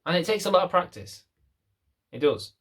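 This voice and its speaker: A man's voice: sits high, big pitch swings, normal speed, a bit bright. A young man, a dog trainer, talking casually to camera in a blunt, rambling, self-mocking way.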